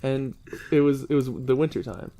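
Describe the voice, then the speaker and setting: A man's voice: medium pitch, normal speed, vocal fry, dark tone. Young man with a slight lisp. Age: young adult. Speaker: podcast co-host. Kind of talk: casual chat.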